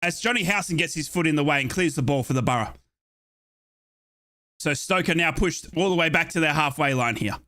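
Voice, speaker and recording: A young Australian man giving chatty, excitable live play-by-play of a football match as a fan commentator, with playful asides. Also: on the high side, a little fast.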